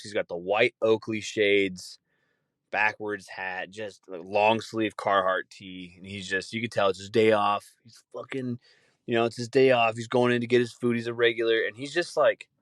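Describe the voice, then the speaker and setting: A young man spins a loose, profane story in a relaxed podcast chat, slipping into quick impressions of the people he describes. His voice sits on the low side, and the sound is dry and close with no room around it. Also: dry recording. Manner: rambling, swears a lot, mimics people he tells about. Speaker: podcast host.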